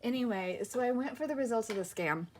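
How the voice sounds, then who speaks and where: A woman's voice: fairly high pitch, lively intonation, quick pace, a little mellow, slight background noise. A woman crafting at her table and chatting casually to her viewers, rambling, cutting herself off and laughing often. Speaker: crafting vlogger. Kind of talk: casual chat while crafting.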